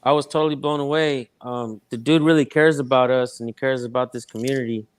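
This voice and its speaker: Male guest, smooth resonant voice, relaxed, slangy, full of fillers. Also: medium pitch, brisk, no echo. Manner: laid-back, heavy fillers, slangy. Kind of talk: casual livestream chat.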